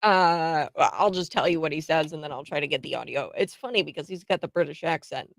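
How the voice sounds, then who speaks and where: A woman's voice: on the low side, no room sound. Chatty woman talk radio host. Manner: chatty, laughs often, many fillers and restarts. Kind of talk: opinionated talk radio commentary.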